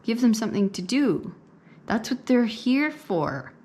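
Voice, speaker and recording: With a slightly high, sing-song, unhurried voice, a tarot reader addresses viewers directly during a pick-a-card reading. She tends to repeat things, asks "okay?" and "right?", and laughs gently now and then, while faint background noise sits under her.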